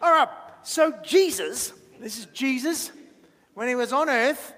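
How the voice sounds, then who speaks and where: Guy with a really high voice doing a jokey kids talk at church, big reverb all round. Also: expressive, unhurried, fairly bright tone. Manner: chatty, jokey, quizzes the audience. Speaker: minister giving a children's talk. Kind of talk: playful children's talk in church. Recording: long church-hall reverb.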